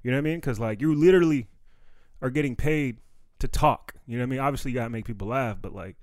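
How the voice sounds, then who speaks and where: A man's voice: mid-range voice, fast talker, dry recording. A young man, a comedian recovering from bronchitis, talking casually and loosely on a solo podcast with slangy filler-heavy speech. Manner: loose slangy street talk, lots of fillers and "you know what I mean". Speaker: stand-up comedian and podcast host.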